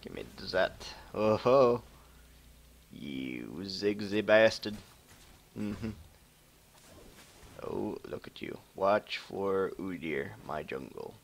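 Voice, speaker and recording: A man with a low, gravelly voice talks over his own game from a home desk mic, joking and muttering at the screen. He drawls slowly, with a lively pitch that rises and drops. Keyboard typing can be heard as he plays. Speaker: gamer streaming a match. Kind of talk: casual live game commentary.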